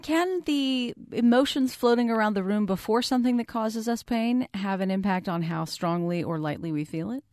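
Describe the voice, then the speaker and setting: A woman hosting a radio talk show, introducing her guest and asking questions in a measured announcer manner. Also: mid-range voice, darkish tone, no echo, studio quality. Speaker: radio host. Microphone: studio microphone.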